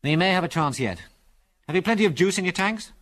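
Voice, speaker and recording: A man's voice: sits high, lively intonation, fast, fairly bright tone, pitched above the performer's own voice. A man reading aloud and voicing a decisive male pilot leader in a clipped, commanding manner. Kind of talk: audiobook character voice.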